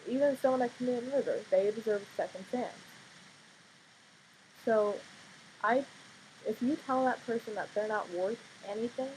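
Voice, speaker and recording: A young woman in her teens vlogging casually at home late at night, sleepy and quiet, rambling with fillers and blunt outbursts. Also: on the high side, moderate pace, pauses often, slight background noise, low-quality recording. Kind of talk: casual vlog monologue.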